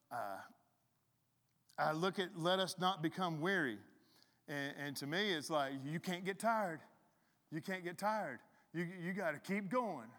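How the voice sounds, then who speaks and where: A middle-aged man preaching a sermon in a relaxed, conversational way, often restarting his sentences. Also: mid-range voice. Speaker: pastor. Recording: long reverb in a hall.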